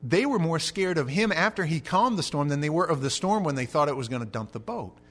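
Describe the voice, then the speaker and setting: A man preaching an expository sermon, telling the story with animated energy and shouting out the quoted lines. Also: on the high side, fairly quick. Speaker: pastor.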